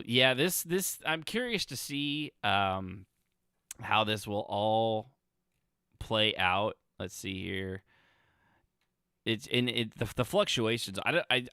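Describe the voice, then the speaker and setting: A man's voice: lowish voice, vocal fry, pushed and bright, dry recording, clean studio sound. A man hosting a casual gaming podcast, rambling and sarcastic, often breaking off mid-sentence. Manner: rambling, sarcastic, self-interrupting. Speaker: podcast host.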